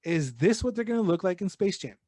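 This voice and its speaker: A man co-hosting a casual podcast, rambling through his thoughts with plenty of swearing and the odd bit of Spanish slang. His voice sits a little high for a man, and the recording is close and dry. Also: animated, brisk, dark tone, dry recording. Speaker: podcast co-host. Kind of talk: casual chat.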